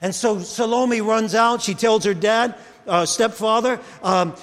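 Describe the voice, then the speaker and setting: Man, pastor, sermon, animated storytelling, high-pitched, echoing church hall. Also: unhurried. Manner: animated storytelling, addresses congregation by name. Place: church sanctuary. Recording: long reverb of a church hall.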